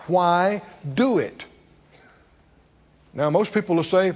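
A preacher, a man with a high, lively voice that swings from hushed to loud. He talks in rhetorical questions, and his voice has a husky edge. The recording is dull and carries the long echo of a large hall. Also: measured pace, pauses often. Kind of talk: sermon.

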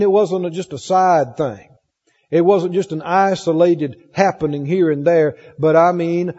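A man's voice: high voice, warm tone, husky. A male pastor preaching a sermon, reading scripture aloud and asking the congregation questions. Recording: dull lo-fi tape with long reverb.

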